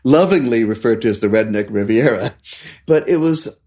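A middle-aged man from India tells stories in a relaxed interview. He is animated and acts out other people's lines in a raised voice, with laughs between them. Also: mid-range voice, moderate pace. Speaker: chef and restaurateur, guest. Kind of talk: casual storytelling interview.

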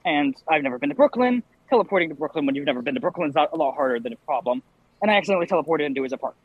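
A man's voice: a little high, animated, very fast, slightly rough, no echo, phone-quality sound. A man playing his character in a tabletop game, hesitant and full of fillers. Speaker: player. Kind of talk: casual in-character play.

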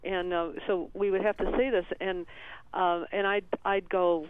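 A man calling in to a radio show, telling a personal story in a halting, tearful way with many restarts. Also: high-pitched, steady tone, clean tone, dry recording. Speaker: caller. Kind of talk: emotional call-in storytelling. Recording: tinny phone line.

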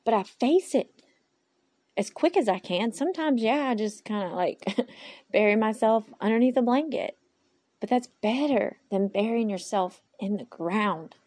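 A woman's voice: a little high, expressive, measured pace, darkish tone, no echo. A woman hosting a personal podcast monologue into a phone, candid and rambling, often talking to herself aloud and speaking of her faith in God. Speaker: podcast host.

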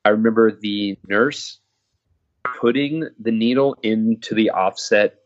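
A man casually telling a personal story, halting and restarting often, swearing now and then. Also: lowish voice, lo-fi sound. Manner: halting, frequent restarts and fillers.

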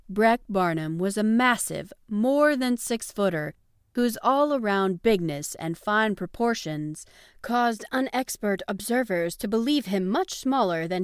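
A woman narrating a novel in a measured, even storytelling manner. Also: mid-range voice, clear, resonant tone, no room sound, clean studio sound. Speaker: audiobook narrator. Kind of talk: scripted narration.

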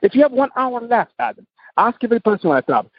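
A man's voice: extremely high pitch, big pitch swings, quick pace, husky, no room sound, muffled recording. A man, a podcast guest, speaking passionately in emphatic, repetitive English. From Tunisia. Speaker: guest entrepreneur. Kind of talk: podcast interview.

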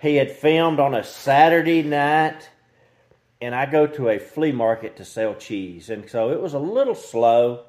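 A man's voice: medium pitch, lively intonation, unhurried, darkish tone. An older man, a guest, chatting folksily and joking, saying y'all. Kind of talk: casual chat.

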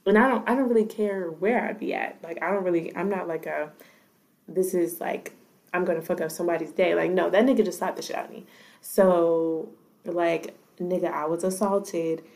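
A woman's voice: fairly low pitch, fairly even intonation, normal speed, a little mellow. A woman chatting casually, blunt and profane, often hedging her opinions. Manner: blunt, profane, hedges with "I don't know". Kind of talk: casual chat.

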